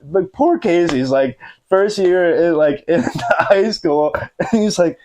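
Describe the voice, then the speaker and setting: A man's voice: a little high, takes it slowly, hardly any pauses, warm tone. A man in his thirties, a podcast guest telling a funny anecdote in casual chat, laughing often and using many fillers, recorded in a living room. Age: 30s. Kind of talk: casual storytelling.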